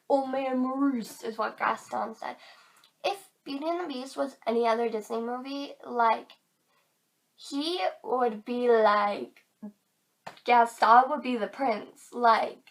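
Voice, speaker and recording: A teenage girl vlogging to camera in casual chat, chatty and giggly, filling her talk with "like", a bit tired. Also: fairly high pitch.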